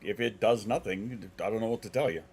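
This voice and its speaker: A man's voice: on the low side, a little fast, a little mellow, a little hiss or hum. A congested man streaming from home, chatting casually with his viewers and swearing now and then. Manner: rambling, swears, answers chat.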